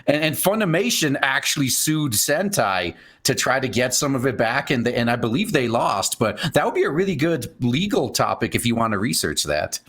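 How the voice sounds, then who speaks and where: A man's voice: mid-range voice, big pitch swings, moderate pace, hardly any pauses, fairly bright tone, husky. A man guesting on a casual livestream, who gives opinionated, rambling explanations and mocks other people. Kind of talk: casual stream chat.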